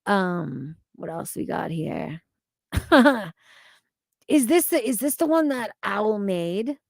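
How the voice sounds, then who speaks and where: A woman's voice: mid-range voice, big pitch swings, slow pace, gravelly, no echo. A woman streaming casually, talking to her chat, swearing freely and laughing often. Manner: loud, profane, laughing often.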